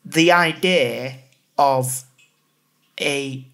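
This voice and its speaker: A male podcast host chats casually in a bright, forward voice. He rambles, stacking repeated words while he hunts for his point. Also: medium pitch, extremely slow. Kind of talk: casual chat.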